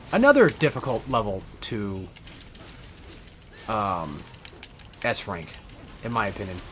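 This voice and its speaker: Guy rambling over his gameplay, cussing a lot, kinda mid-pitched voice, bit of hiss behind him. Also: fairly bright tone. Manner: rambling, swears often, self-correcting. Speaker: let's play gamer. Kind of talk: casual gameplay commentary.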